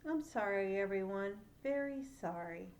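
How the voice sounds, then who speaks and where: A woman voicing a small, excitable young male bird in a storybook reading, with squawking cries. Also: mid-range voice, normal speed, lightly acted. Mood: worried.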